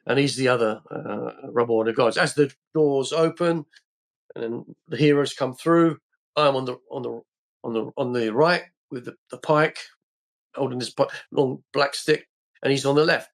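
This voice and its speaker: A man's voice: mid-range voice, moderate pace. An older man from England, a podcast guest telling rambling anecdotes in a casual way, full of restarts and fillers.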